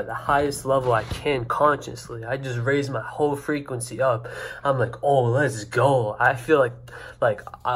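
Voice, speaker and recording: A young man telling a story to camera in a casual, excited, rambling way, full of "like" and "you know", recorded on a camera mic indoors. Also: mid-range voice. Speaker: vlogger.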